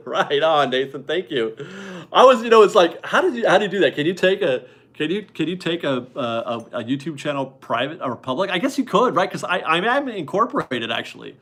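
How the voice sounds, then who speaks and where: Upbeat guy in his 40s chatting on a live stream from his garage, bright tense voice, kinda high, laughs a lot. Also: animated, brisk. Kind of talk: casual live-stream chat reading viewer donations. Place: home garage.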